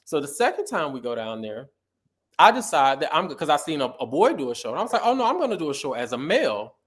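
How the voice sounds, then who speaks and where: A middle-aged man telling stories in a casual interview, animated and sassy, acting out quotes. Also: on the high side, fast. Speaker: guest.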